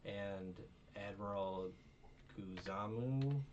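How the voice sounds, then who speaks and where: A young man with a low voice recaps a show in a loose, rambling way, full of fillers and wry asides. He sounds tired. The mic is set back from him and sounds dull, with a faint hiss underneath. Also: extremely slow, a little mellow, far from the mic. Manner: rambling, with many fillers and self-mocking asides. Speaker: podcast host. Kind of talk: casual review chat.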